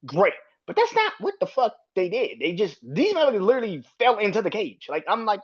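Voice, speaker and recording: A man with a slightly high voice rants through a solo podcast review, swearing constantly and restarting his sentences. His voice comes through a dull, muffled, lo-fi microphone. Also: wildly swooping pitch, fairly quick, slightly rough. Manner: profane, ranting, repetitive restarts. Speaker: podcast host.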